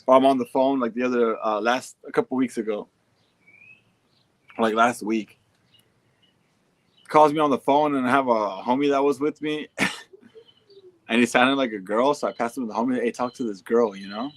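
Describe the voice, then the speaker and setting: Young male streamer, casual slangy delivery, mid-pitched, dry close-mic sound; loose and profane. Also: moderate pace, long pauses, no room sound. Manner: laid-back, slangy, profane, riffing. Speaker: streamer reading fan messages. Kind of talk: casual livestream chat.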